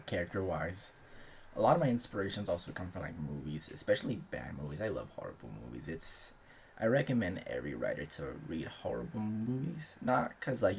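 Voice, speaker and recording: A young man with a deep, gravelly voice talks casually as the host of his own channel. His speech is loose and rambling, peppered with filler words and the odd swear. His pitch swings widely, rising and dropping as he goes. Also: slight background noise. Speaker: aspiring author and channel host. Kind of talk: casual chat.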